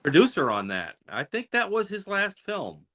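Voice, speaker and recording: A man's voice: sits high, wildly swooping pitch, normal speed, a bit bright. A man in a casual chat among comedians, giving rambling, opinionated takes. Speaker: comedian guest.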